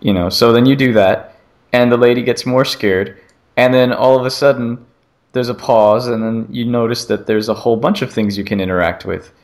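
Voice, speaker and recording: A man co-hosting a casual gaming podcast, rambling through an animated retelling of a game demo. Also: mid-range voice, moderate pace. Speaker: podcast co-host.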